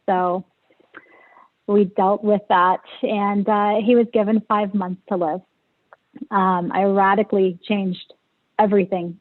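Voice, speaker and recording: A woman guest tells a personal story, talking hesitantly with many fillers and plenty of emotion. Her pitch sits in the middle range. The audio comes through thin and tinny, like a phone line. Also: little pitch movement, takes it slowly, pauses often.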